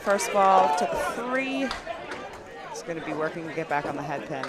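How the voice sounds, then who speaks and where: A woman's voice: deep voice, big pitch swings, moderate pace. A woman with a Canadian accent, a guest doing cheerful play-by-play commentary on a bowling match, laughing often. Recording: loud crowd and noise at a bowling alley.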